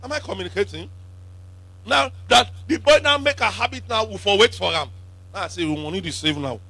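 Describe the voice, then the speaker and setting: Emphatic gravelly preacher with a lilt. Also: male voice, lively intonation, fairly quick. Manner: emphatic call-and-response preaching, swinging from shouts to low asides. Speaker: apostle preaching. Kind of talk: sermon.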